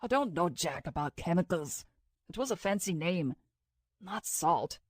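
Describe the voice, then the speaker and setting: A woman's voice: on the low side, animated, measured pace, no room sound, clean studio sound. A woman voicing a dazed young man who talks in a drowsy, slurred, matter-of-fact way. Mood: groggy.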